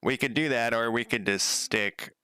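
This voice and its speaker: A man's voice: medium pitch, moderate pace, sharp tone, clean tone, no echo, studio quality. A man coding a game on a casual livestream, thinking aloud, rambling, swearing casually and chatting with viewers.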